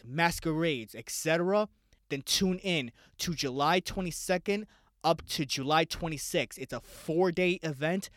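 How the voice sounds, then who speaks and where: A young man hosts a casual solo podcast in a fairly high voice, excitable and quick to swear as he talks straight to his listeners. The sound is dry and close, with no room around it. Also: dry recording. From United States. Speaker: podcast host.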